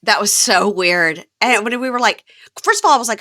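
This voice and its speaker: A woman guest on a podcast, chatting casually and reacting at an unhurried pace. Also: mid-range voice, bright, forceful tone. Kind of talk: casual chat.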